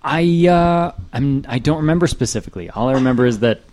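A man's voice: medium pitch, a little fast. A man co-hosting a podcast in casual chat, joking and sometimes hesitating. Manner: jokey, animated, hesitant. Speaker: podcast host.

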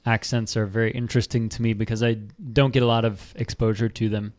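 A man's voice: fairly low pitch, flat delivery, fast talker, darkish tone. A man hosting a casual podcast chat, easygoing and hesitant with lots of fillers.

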